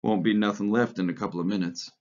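A man reading the part of a calm, dignified male mule driver who speaks matter-of-factly. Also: on the low side, fast, natural voice. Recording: lo-fi recording.

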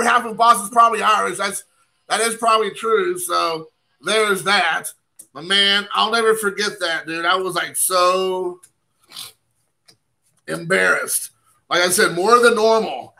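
Chatty man with a high, bright, gravelly voice. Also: low-quality recording. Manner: rambling, self-deprecating, chatty asides to viewers. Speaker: card collecting channel host. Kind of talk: casual live-stream chat while opening cards.

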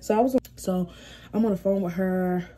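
A woman's voice: mid-range voice, fairly even intonation, normal speed, dark tone. A young woman casually telling a storytime vlog, acting out quotes and laughing often.

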